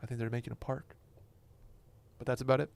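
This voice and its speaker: A man's voice: mid-range voice, fairly even intonation, quick pace, gravelly, a little mellow, dry recording. A young man with an ordinary mid-range voice who brings up news items and hesitates and restarts as he goes. He's recorded close and dry, with no room sound. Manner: hesitant, stumbling. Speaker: podcast co-host reading news. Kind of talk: casual banter among friends.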